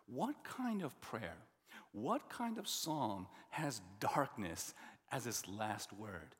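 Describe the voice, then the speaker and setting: A man's voice: mid-range voice, takes it slowly. Man preaching in a reverberant hall. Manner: expressive preaching, dropping to a hush for emphasis. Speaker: pastor. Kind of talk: sermon. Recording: long reverb of a large hall.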